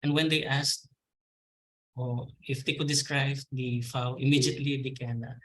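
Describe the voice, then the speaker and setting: A man's voice: mid-range voice, level tone, moderate pace, a bit bright, poor audio. A man with a Filipino accent answering webinar questions about farmer training, polite and hesitant, calling the host ma'am. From Philippines. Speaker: agricultural extension officer.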